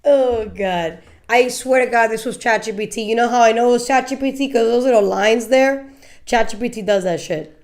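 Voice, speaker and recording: Woman host, fairly high voice, blunt and animated, keeps repeating herself. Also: moderate pace. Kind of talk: casual political commentary.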